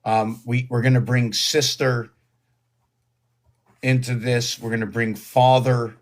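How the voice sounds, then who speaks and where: A man talking to his own video, meandering and thinking aloud with many ums and pauses. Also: medium pitch, level tone. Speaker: video host. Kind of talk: rambling solo video talk.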